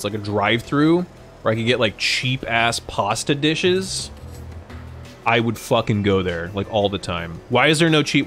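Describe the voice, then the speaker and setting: A man's voice: medium pitch, a bit bright. A young man chatting casually and profanely with his live-stream chat, rambling and joking. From United States.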